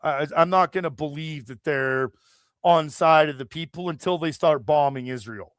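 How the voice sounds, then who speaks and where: A man from Canada rants on his live chat stream, swearing hard and rambling from point to point. His voice sits a bit higher than most men's, and the sound is dry and close, with no room echo. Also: normal speed, a bit bright. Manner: profane, heated, rambling. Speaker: livestream host. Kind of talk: angry political rant.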